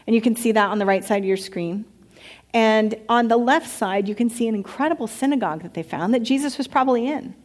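A woman pastor giving a conversational sermon, chatty and candid, with quick asides and open enthusiasm. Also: a little high. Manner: enthusiastic when describing places.

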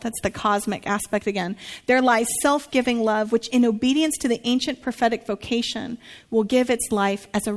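Woman pastor preaching, kinda high voice, acts out the quotes in her stories. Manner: animated storytelling, acts out quotes. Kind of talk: sermon dialogue.

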